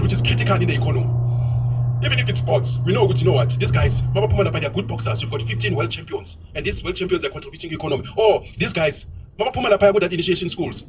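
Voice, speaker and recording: A South African man speaking fast and outspokenly while driving, dropping Zulu words into a casual opinionated monologue. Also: a little high, recorded from a distance, very noisy. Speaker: vlogger. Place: inside a moving car.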